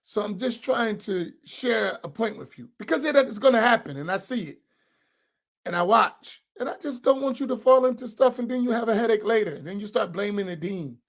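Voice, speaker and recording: Man, imam, gravelly voice, informal teaching, keeps checking in with listeners. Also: high voice, lively intonation, fairly quick. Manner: conversational, keeps asking listeners "right?"; emphatic, repeats key phrases. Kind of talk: informal religious class talk.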